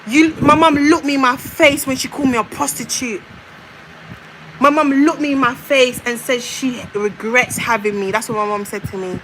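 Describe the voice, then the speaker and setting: A woman launches a heated, repetitive rant aimed straight at her mother. Her voice sits high, and a faint hiss of background noise runs under her words. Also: moderate pace, fairly bright tone, poor audio. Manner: confrontational, repetitive, addresses her mother directly. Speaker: vlogger. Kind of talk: emotional rant to viewers.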